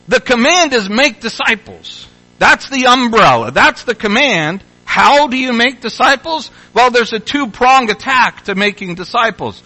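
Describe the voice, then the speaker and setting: Pastor type, male, high bright voice, emphatic sermon teaching that drives points home by repetition. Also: sing-song, measured pace, rough recording. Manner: emphatic, repeating key phrases.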